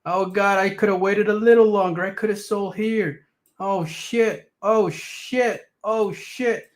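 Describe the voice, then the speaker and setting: A man's voice: steady tone, slow pace. A man putting on the voice of a whining, panicking small-time gambler who sold too early. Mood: panicked. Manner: wailing regret, high strained voice. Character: whiny panicking male crypto gambler.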